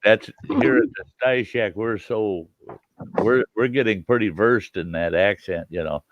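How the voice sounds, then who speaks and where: Man, host, casual chat, fairly low voice, dull lo-fi sound. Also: a little slow. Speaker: host of a live chat stream.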